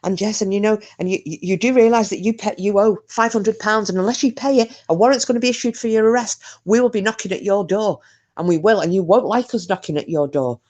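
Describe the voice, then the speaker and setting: A woman's voice: medium pitch, fast talker, a little mellow, voice pushed up, lightly acted. A woman voicing a frantic, pushy male phone scammer who makes threats.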